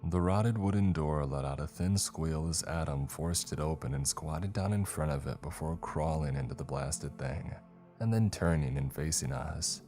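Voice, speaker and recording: A man with a strikingly deep voice narrates a first-person horror story. His delivery is measured and atmospheric. Soft music runs quietly beneath him. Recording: faint music underneath.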